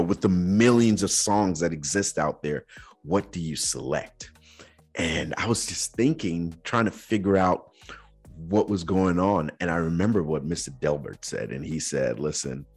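Low, husky-voiced man telling a story. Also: lively intonation, a little slow, faint music behind. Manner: earnest, reflective, slips into casual slang. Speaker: podcast host. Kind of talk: personal storytelling.

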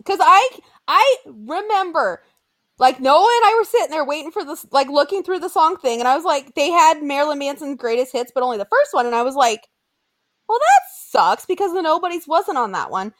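Young woman chatting with a friend, high voice, acts out every quote. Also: fairly quick. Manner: animated storyteller, acts out quotes in exaggerated voices. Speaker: podcast co-host. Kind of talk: casual chat.

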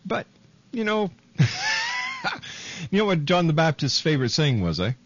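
A man's voice: fairly high pitch, very animated, brisk. A man hosting a radio interview, joking and playful with his guest. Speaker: radio host. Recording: muffled radio broadcast.

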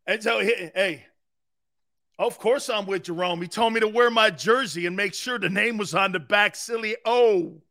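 A sports radio host of Sicilian-American heritage speaks at normal speed in a high, bright, forceful voice. Hosting a sports talk show, he tells rambling stories, laughs often between lines, and acts out the voices of the people he quotes.

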